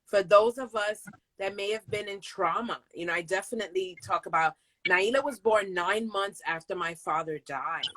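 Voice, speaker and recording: A woman's voice: mid-range voice, moderate pace, fairly bright tone, no echo, poor audio. A woman hosting a casual interview chat, effusive and emphatic, laughing often as she talks to her sister. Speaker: host.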